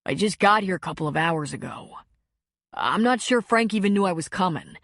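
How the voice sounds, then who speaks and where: A woman's voice: fairly low pitch, animated, a little fast, a bit bright, no echo, studio quality. A woman reading an audiobook, voicing a remorseful young man who pleads and apologizes to his ex. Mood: pleading.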